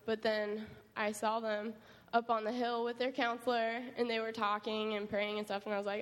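A young woman, a camp counselor, giving an animated personal testimony full of quoted asides. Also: fairly high pitch, moderate pace. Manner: animated storytelling with many likes and quoted asides. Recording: echoey hall with faint ambient noise.

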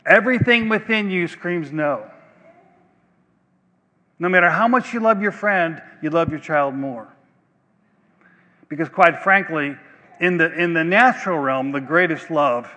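Slow, bright-voiced preacher in a reverberant hall. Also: male voice, on the high side. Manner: slow, emphatic preaching with long pauses. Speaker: pastor. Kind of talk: sermon. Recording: long reverb of a large hall.

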